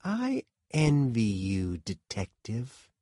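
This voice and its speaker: A man reading an audiobook, voicing a calm, eerie male killer who speaks softly and slowly. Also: mid-range voice, breathy edge, dry recording, clean studio sound, pitched above the performer's own voice, heavily acted. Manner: soft, slow, unsettlingly calm.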